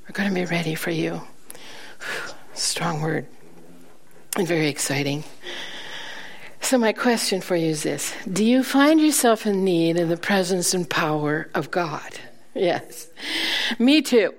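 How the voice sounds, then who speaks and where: A woman preaching a sermon, telling stories with laughter between points, slowing down for emphasis and dropping to a soft, quiet voice. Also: on the low side, animated. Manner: slows down for emphasis, then drops to a soft, quiet voice. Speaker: guest preacher.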